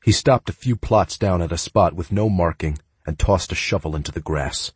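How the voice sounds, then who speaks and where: A man's voice: deep voice, moderate pace, slightly rough, no room sound. A man narrating a first-person audiobook in a raw, emotive, earnest manner.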